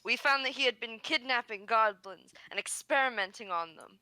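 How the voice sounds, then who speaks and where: A woman playing a tabletop game, calmly describing what her character does. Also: a little high, normal speed, dry recording, poor audio. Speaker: player.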